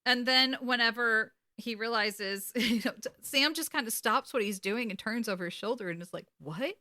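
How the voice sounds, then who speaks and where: Woman podcast co-host, bright close-mic voice, lively storyteller who acts out the scenes. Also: on the high side, brisk, no echo. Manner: animated retelling, acts out characters, swears. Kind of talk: casual recap chat.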